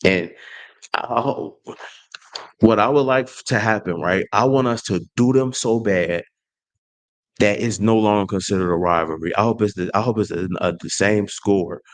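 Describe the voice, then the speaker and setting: A man hosting his own sports channel, trash-talking a rival team in an animated rant full of slang and restarts. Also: lowish voice, moderate pace. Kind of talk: fan rant to camera.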